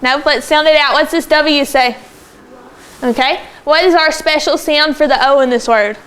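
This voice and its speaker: A woman teaching a second grade phonics lesson in a classroom, brisk and encouraging as she calls on pupils by name. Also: high-pitched, a bit bright. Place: classroom with children.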